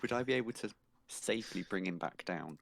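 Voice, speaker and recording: A man's voice: fairly low pitch, expressive, a little fast, creaky, slight background noise. A man playing in a tabletop game, eager and stumbling over his questions. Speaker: player. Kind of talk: casual tabletop play.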